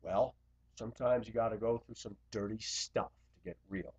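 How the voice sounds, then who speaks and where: A man's voice: lowish voice, fairly even intonation, normal speed, husky. Blunt, confrontational man on a dull recording. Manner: blunt, confrontational, swings between loud outbursts and quiet asides. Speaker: Christian video blogger. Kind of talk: impassioned confessional monologue.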